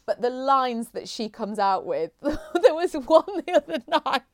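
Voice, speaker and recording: A woman's voice: high-pitched, expressive, unhurried. A woman co-hosting a podcast, chatting enthusiastically and recommending things with frequent restarts. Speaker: podcast co-host. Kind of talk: casual chat.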